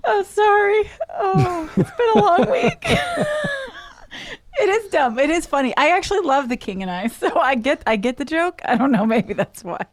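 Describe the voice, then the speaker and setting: A woman's voice: very high-pitched, very animated, normal speed. A woman co-hosting a podcast, giggly and teasing in casual chat. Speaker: podcast co-host.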